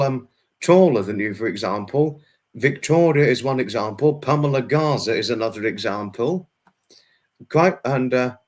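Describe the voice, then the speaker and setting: Man, livestream host, casual chat, repetitive, many fillers and restarts, middle pitch.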